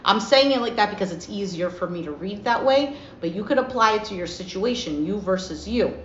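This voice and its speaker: A woman's voice: medium pitch, fairly quick. Woman tarot reader, casual and talkative, faint hiss behind, roomy sound. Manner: chatty, animated, acts out little dialogues. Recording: roomy, slightly dull with faint noise.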